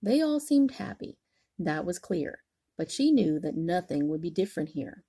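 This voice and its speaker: An older woman, a grandmother, gently reading a bedtime story aloud in a soothing way. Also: fairly low pitch, sing-song, moderate pace, breathy edge.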